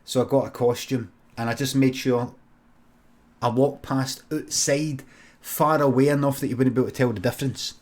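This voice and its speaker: A man's voice: medium pitch, fairly even intonation, normal speed, darkish tone, natural voice. A man with a Scottish accent voicing a humble, earnest working-class father in a comic improvised story. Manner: plain-spoken, earnest.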